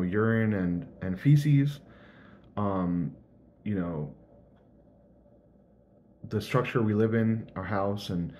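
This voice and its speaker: Earnest low-voiced young man. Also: a little mellow, slight background noise. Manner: earnest, searching, thinks aloud. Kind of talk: casual reflective vlog monologue.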